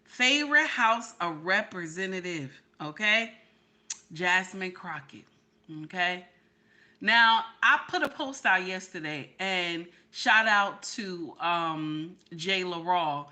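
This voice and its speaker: A woman hosts a live reaction commentary, speaking directly to her chat in a low, bright, forceful voice at a slow pace. Animated and emphatic, she drives her points home by repeating "okay?"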